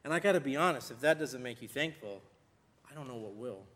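A man preaching a sermon with emphasis, slowing down to stress the scripture he quotes. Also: mid-range voice, animated, a bit bright. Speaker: pastor. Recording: long hall reverb.

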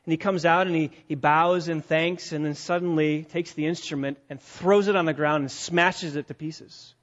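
Male pastor, mid-high voice, emphatic sermon delivery with hushed lows and loud peaks, muffled lo-fi recording. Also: steady tone, normal speed. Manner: emphatic, swings between hushed and loud, rhetorical questions. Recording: dull lo-fi recording.

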